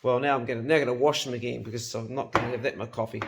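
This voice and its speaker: A man's voice: medium pitch, fairly even intonation, racing. A New man in his fifties chatting casually to camera in his home kitchen, blunt, swearing freely and laughing easily. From New Zealand. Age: 50s. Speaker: hunting and cooking vlogger.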